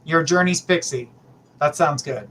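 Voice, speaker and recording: There's slight background noise as a middle-aged man hosts a live psychic reading stream in an unhurried, somewhat high, slightly bright voice. Chatty and affectionate, he refers to his viewers as sweetheart and honey.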